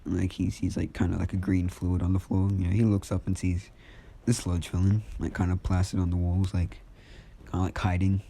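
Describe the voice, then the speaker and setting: Low, mellow-voiced man rambling a story. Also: completely flat delivery, fairly quick, vocal fry, husky. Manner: rambling, full of fillers and restarts. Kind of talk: casual fan story retelling.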